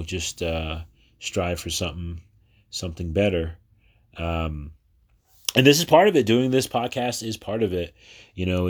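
A very low-pitched man in his thirties, originally from New Jersey, talks through his own podcast alone. He rambles in a casual, chatty way, often stopping on fillers and starting sentences over. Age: 30s. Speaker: podcast host. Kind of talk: casual personal podcast monologue.

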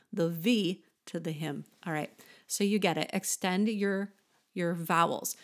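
A woman hosting a podcast singing lesson, explaining vowels patiently and breaking into short sung examples. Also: mid-range voice. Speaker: voice teacher and podcast host.

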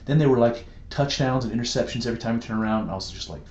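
A man's voice: medium pitch, racing. Rambling podcast man, roomy dull sound. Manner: rambling, animated storyteller who laughs easily. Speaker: podcast co-host. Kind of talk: casual podcast chat.

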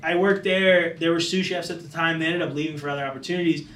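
A man's voice: fairly high pitch, little pitch movement, fast, fairly bright tone, a little hiss or hum. A man telling a story in a casual, rambling way, full of "like" fillers, as a chef being interviewed. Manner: loose, rambling, many "like" fillers. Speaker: chef guest. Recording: roomy, distant mic.

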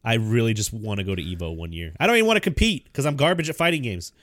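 A young man co-hosting a casual chat, self-deprecating and quick to laugh. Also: medium pitch, expressive, fairly bright tone, no room sound, clean studio sound. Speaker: podcast co-host.

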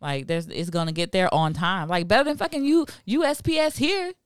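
A woman's voice: fairly low pitch, brisk, clear, resonant tone, no room sound, studio quality. A woman co-hosting a casual podcast, joking and laughing often as she banters. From Jamaican heritage. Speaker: podcast co-host.

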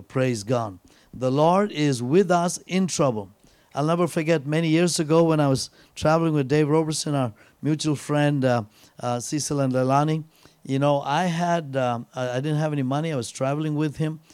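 A man preaching a sermon in a fairly high voice, weaving a personal story around a repeated scripture line. He keeps dropping in "praise God" and "hallelujah" between phrases. The sound is dry and close, with little room around it. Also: moderate pace, a little mellow, smooth, no echo. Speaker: guest preacher.

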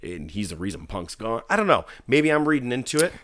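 A man's voice: medium pitch, fast, dry recording, studio quality. A man co-hosting a casual wrestling podcast, telling stories with lots of swearing and acting out what people said. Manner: animated storyteller, swears freely, acts out quotes. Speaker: podcast co-host.

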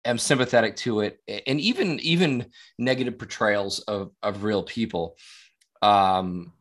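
A podcast co-host with a lowish, fairly bright voice talks casually at a slightly slow pace. He meanders and swears, stumbling over his starts, restarting often and circling back to his points.

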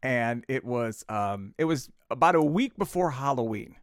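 A man co-hosts a casual podcast. He tells stories with lots of life, and his pitch swings widely. He laughs at his own blunders, and the sound is dry and close. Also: normal speed, clean tone, dry recording. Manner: animated storyteller who laughs at himself. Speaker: podcast co-host.

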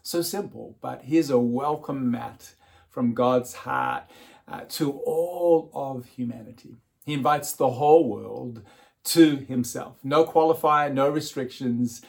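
A man's voice: mid-range voice, slow pace, vocal fry. A man preaching an Easter sermon. He chuckles often and repeats words as he starts his phrases. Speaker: pastor.

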